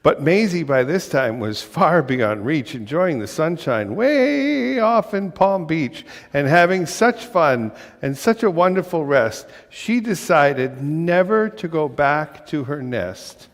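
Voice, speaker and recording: A male minister reading a rhyming picture book aloud to a congregation, in a rhythmic, expressive storytelling manner. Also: on the high side, takes it slowly, hardly any pauses, in a large hall. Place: church sanctuary.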